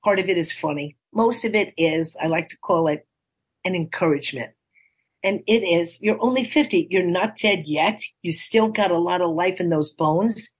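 Chatty woman in her sixties, husky. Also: on the low side, normal speed. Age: 60s. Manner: chatty, animated storytelling, acts out quoted voices. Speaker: life coach and author. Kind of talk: casual interview chat.

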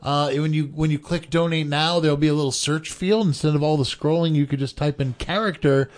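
A man co-hosting a live radio fund drive, upbeat and quick to laugh as he repeats the call-in pitch. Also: steady tone. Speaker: radio show co-host.

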